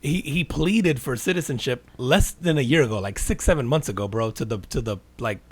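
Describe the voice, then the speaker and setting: Here a man co-hosting a podcast goes on about baseball, his medium-pitched voice a little quick and the recording dry with no room sound. He's lively and rambling, dropping "dude" and swear words throughout.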